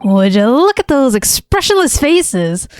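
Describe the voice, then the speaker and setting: A woman's voice: sits high, big pitch swings, unhurried, a little mellow. A woman reading aloud as a brash Irish street man, in a put-on Irish accent, chummy and cocky.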